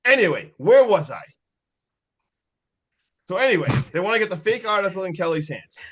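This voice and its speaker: A man's voice: high voice, big pitch swings, moderate pace, a bit bright. Profane rambling young man podcaster. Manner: profane, rambling, mock-angry ranting. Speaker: podcast co-host. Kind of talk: casual horror movie review chat. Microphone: video call.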